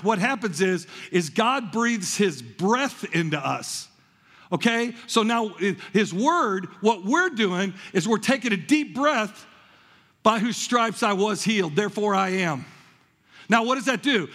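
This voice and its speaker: A man with a high, husky voice gives an energetic sermon to his congregation, spinning animated stories and tripping over repeated words as he builds his point. A long reverb tail makes it sound like it was recorded in a large church hall.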